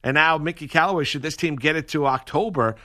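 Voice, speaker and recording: A man co-hosting sports talk radio, arguing in an animated way. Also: a little high, fast. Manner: animated, argumentative.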